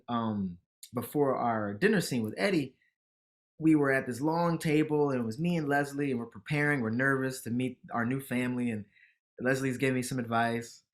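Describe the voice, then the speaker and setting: A man in his thirties from the Washington, D.C. area, a comedian guest telling animated stories and laughing through them in casual podcast chat. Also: mid-range voice, moderate pace.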